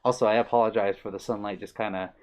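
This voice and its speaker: Fast and fairly even in tone, a man with a fairly low, slightly mellow voice streams live from his room. He's friendly and casual, reading viewers' messages out loud, frequently saying um and uh, and is occasionally short of breath.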